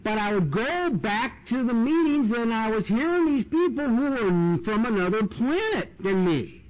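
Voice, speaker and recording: A man's voice: high voice, animated, normal speed. A man speaking at a recovery meeting, telling stories in a chatty way with lots of "you know" and "man", recorded on an old tape. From United States. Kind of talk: recovery talk storytelling. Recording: dull lo-fi 1990s tape with hiss.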